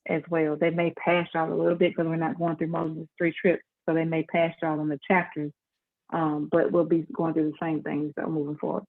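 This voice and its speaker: A woman leads an informal Bible class over a video call. She talks easily and plainly, in a folksy, unhurried way. Her voice comes through a narrow, phone-like line. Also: sits low. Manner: folksy and conversational, with a relaxed dialect.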